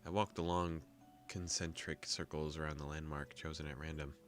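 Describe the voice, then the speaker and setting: Very deep-voiced young man reading. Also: normal speed, faint music behind. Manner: calm steady reading, joking asides. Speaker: gaming video host. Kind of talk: reading a visual novel aloud with casual asides.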